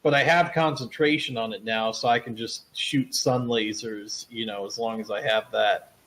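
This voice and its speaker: A man's voice: on the low side, fairly even intonation, normal speed, a bit bright, low-quality recording. A man playing a tabletop game, explaining his character's moves in a rambling, laughing way. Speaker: player. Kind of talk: casual tabletop play.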